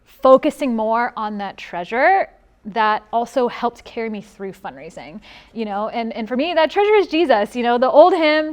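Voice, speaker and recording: A woman with a fairly high voice, speaking on a faith panel. She is reflective and sincere, and her phrases trail off more quietly at their ends. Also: animated, moderate pace. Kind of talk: personal testimony on a panel.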